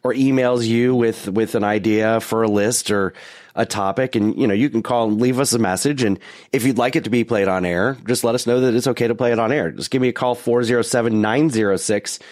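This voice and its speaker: A man's voice: medium pitch, brisk, a little mellow, no echo, studio quality. A man co-hosting a podcast in casual chat, joking and poking fun at himself. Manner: joking, self-deprecating banter with many restarts. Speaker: podcast co-host.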